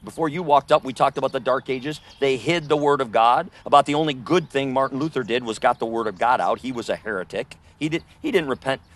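A man in mid-pitch voice preaches outdoors in a confrontational style. He rebukes his listeners forcefully, then drops to low, hushed tones to make a point. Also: quick pace, hardly any pauses. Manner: forceful, rebuking, swings between loud accusations and low near-whispers. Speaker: street preacher.

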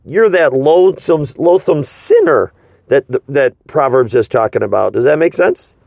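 A man leading an informal Bible study conversation, teaching slowly and emphatically and asking his partner rhetorical questions. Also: mid-range voice, expressive, gravelly, a little mellow, no room sound.

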